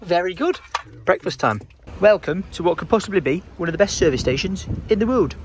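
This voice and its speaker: A man's voice: sits high, expressive, a little fast. A young man from England, cheerfully vlogging a road trip with his dad in a jokey, casual way. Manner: upbeat, jokey, swears casually. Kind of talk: casual travel vlog. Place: camper van and service stations. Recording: outdoor traffic noise.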